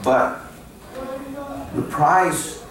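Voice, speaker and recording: High-voiced man preaching in an echoey hall. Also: drawn-out words, a crowd in the background. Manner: rhetorical questions, emphatic and repetitive. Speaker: preacher at a mourning gathering. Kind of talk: sermon. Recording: echoey hall, distant mic.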